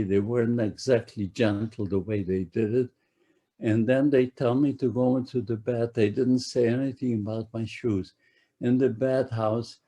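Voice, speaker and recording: An elderly man in his nineties gives his testimony at a slow, measured pace. His voice is mellow and dark with a husky grain. He speaks haltingly and often repeats words as he gathers his thoughts. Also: medium pitch. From Poland. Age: 90s. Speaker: Holocaust survivor giving a talk. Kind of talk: personal testimony to an audience.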